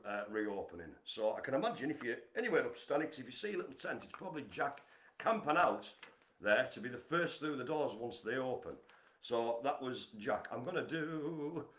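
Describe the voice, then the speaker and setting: A man hosting a casual live stream from home, chatty and teasing as he gives shout-outs. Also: medium pitch, roomy sound. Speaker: livestream host. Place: home apartment.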